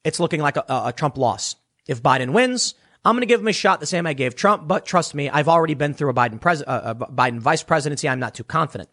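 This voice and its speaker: A man's voice: on the high side, expressive, fast, pushed and bright, slightly rough. A man giving opinionated political commentary, emphatic and sarcastic, often restarting his words.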